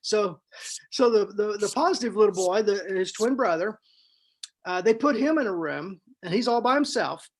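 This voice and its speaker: A man, co-host and author on a podcast, tells a story in a casual, animated way, repeating himself and adding fillers as he goes. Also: high voice, normal speed. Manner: animated, rambling storyteller who repeats words.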